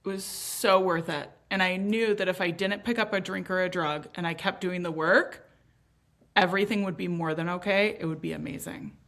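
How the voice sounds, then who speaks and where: A woman in her thirties talks candidly as an interview guest, emphatic and animated, with a swear word here and there. Her voice is bright and clear. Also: on the low side, fairly quick. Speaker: podcast guest.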